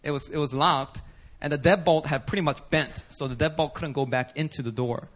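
Animated bright-voiced male pastor. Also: fairly high pitch, a little fast. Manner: animated storytelling with laughter and shouts. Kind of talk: sermon with storytelling. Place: church service.

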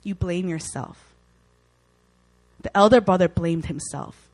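A woman's voice: on the low side, slow, darkish tone, poor audio. A young woman giving an informal, earnest Christian teaching in a conversational way, acting out worried inner voices as she goes. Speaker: Christian speaker.

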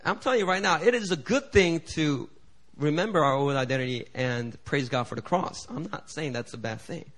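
Fiery preacher, man, rising to shouts. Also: fairly high pitch, a little fast. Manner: preaching with big swings in volume, building to shouted climaxes; acts out quoted voices and prayers in shifting tones. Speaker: pastor. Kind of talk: sermon.

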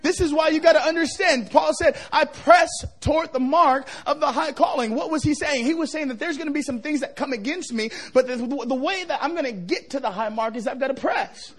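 A middle-aged male pastor preaching a revival sermon, joking with the crowd and building to shouts. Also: very high voice, a little fast, few pauses.

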